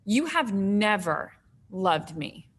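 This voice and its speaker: A woman reading the lines of a young wife telling her husband hard truths, slow and deliberate, stressing key words. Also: mid-range voice, big pitch swings, slight background noise. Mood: resolute.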